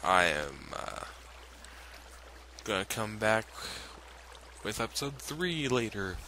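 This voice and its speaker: A man's voice: lowish voice, big pitch swings, takes it slowly, pushed and bright, a little hiss or hum. A man hosting a let's play at home at night, muttering to himself, dropping to whispers and bursting into frustrated cries. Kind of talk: gaming commentary.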